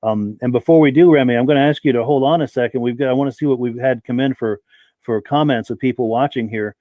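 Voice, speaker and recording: A man's voice: mid-range voice, fast, no echo, phone-quality sound. A man hosting a live-stream podcast who chats in a friendly way and welcomes viewers by name. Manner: reads viewer names aloud, friendly and welcoming. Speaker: podcast host.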